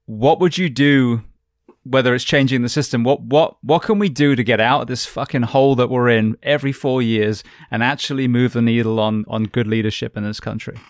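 A man's voice: mid-range voice, steady tone, a little fast, dry recording, studio quality. A man hosting a podcast, asking blunt, profane questions that come out as rants. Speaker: podcast host. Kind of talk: casual interview.

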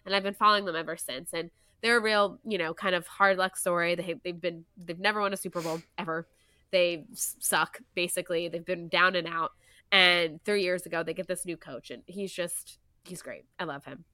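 A young woman, co-hosting a casual podcast chat, animated and full of "like" and "you know". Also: lowish voice, moderate pace, dry recording. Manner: chatty and animated, many "like" and "you know" fillers. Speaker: podcast co-host.

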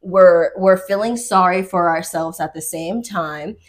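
A woman hosting a podcast in upbeat, affirming casual chat, often chiming in. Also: on the low side. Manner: upbeat, affirming, quick interjections. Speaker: podcast host.

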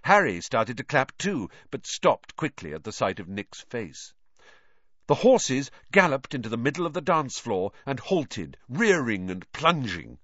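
A man narrating a fantasy audiobook with expressive storytelling. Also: mid-range voice, a little slow, no echo. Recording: dry, slightly dull recording.

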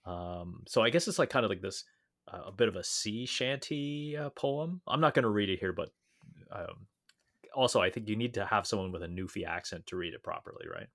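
A man co-hosting a podcast in casual chat, talky and quick to laugh, with plenty of fillers and restarts. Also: fairly low pitch, fairly bright tone. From Canada. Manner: chatty, laughs often, many fillers and restarts. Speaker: podcast co-host.

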